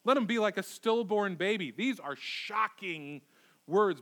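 A pastor preaching a sermon in a church, emphatic and repeating key words for stress. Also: male voice, high-pitched, lively intonation, moderate pace, fairly bright tone. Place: church sanctuary.

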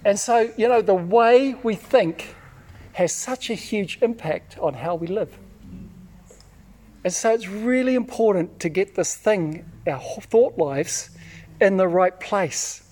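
A man preaching a sermon, telling personal stories in an animated way, acting out shouts and often repeating words. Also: sits high, takes it slowly. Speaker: pastor.

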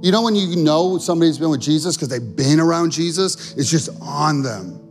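Male pastor, sermon, conversational, earnest, somewhat high pitch, faint background music. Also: brisk.

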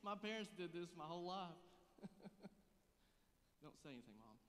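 A man's voice: high-pitched, big pitch swings, normal speed, a bit bright, big-room sound, a little hiss or hum. A man in his thirties preaching a sermon, conversational and joking, growing earnest and intense. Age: 30s. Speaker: pastor.

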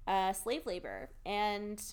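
A young woman co-hosts a podcast in a mid-pitched voice. She speaks in an earnest, outspoken way with jokey asides. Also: lively intonation, takes it slowly, darkish tone, clear, resonant tone. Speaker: podcast co-host. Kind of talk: casual chat.

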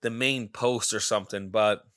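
A man hosting his own podcast, telling a long rambling story in a casual, profane, excitable way. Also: lowish voice, moderate pace, clear, resonant tone, no room sound, clean studio sound. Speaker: podcast host. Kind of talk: casual solo monologue.

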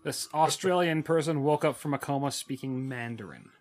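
A man's voice: medium pitch, normal speed. A man hosting a casual podcast chat, offhand and loose as he brings up clips. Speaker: podcast host presenting clips.

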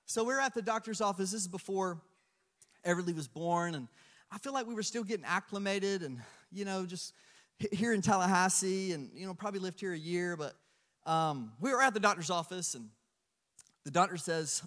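Animated high-voiced preacher in a reverberant hall. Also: male voice. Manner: animated storytelling, acts out other people's voices. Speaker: pastor. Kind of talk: sermon with personal story. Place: church.

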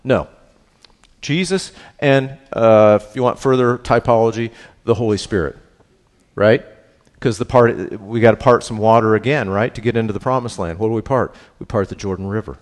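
A male pastor teaching scripture to his congregation in a loose, conversational way. He peppers his points with quick check-ins and shifts between low, earnest stretches and lively bursts. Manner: questioning, checks in with "right?"; swings between hushed and animated. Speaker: pastor teaching a Bible study. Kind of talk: conversational sermon.

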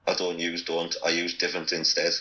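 A man's voice: deep voice, monotone, fairly quick, pushed and bright, dull audio. A man with a Geordie accent from Newcastle, chatting casually and bluntly, swearing freely. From Newcastle, England. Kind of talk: casual chat.

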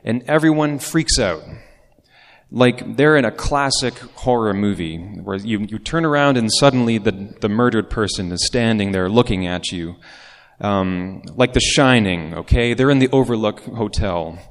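A man's voice: lowish voice, unhurried. A man preaching a sermon as pastor, in a conversational way with casual asides. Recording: long reverb of a large hall.

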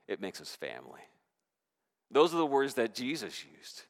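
A man preaching a sermon in a church, animated, with rising and falling emphasis. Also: on the high side, moderate pace, long pauses. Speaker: pastor. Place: church sanctuary. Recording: reverberant church hall.

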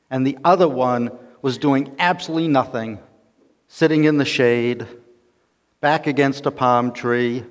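Man preaching in a reverberant church. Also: medium pitch. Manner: conversational storytelling with fillers. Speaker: pastor. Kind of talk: sermon. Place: church sanctuary.

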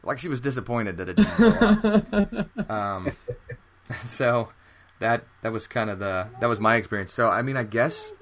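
A man's voice: lowish voice, moderate pace, a bit bright, slight background noise. A man co-hosting a photography podcast, telling stories in a rambling casual way with many restarts and fillers. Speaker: podcast co-host. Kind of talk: casual chat.

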